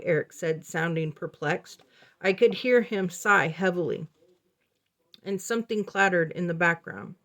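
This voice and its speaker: A woman reading a first-person novel aloud in a slow, measured, even narration. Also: lowish voice. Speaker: audiobook reader.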